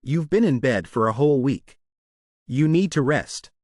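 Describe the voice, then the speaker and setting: A loyal servant who fusses and frets over his young master, read out by a man narrating. The reading is plain, with a lively pitch and a dry, close sound. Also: moderate pace, no echo, close to an everyday voice. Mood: pleading. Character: anxious loyal male servant, fussing.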